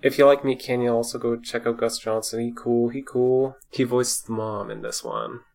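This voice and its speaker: Chill guy on a podcast, mid pitch, just chatting. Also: fairly even intonation, moderate pace, darkish tone. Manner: easygoing, chiming in with agreement. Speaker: podcast co-host. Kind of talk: casual chat.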